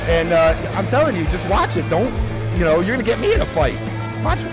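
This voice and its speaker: A man's voice: high voice, very animated, fairly quick, music in the background. A man doing color commentary at a wrestling show, chatty and reacting with disbelief.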